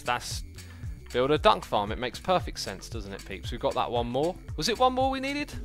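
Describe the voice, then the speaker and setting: A man's voice: medium pitch, moderate pace, faint music behind. A man hosting a game livestream, chatting casually in a rambling, jokey way with lots of fillers. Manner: excitable outbursts, playful and jokey. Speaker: livestream host playing a game. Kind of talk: casual gaming commentary.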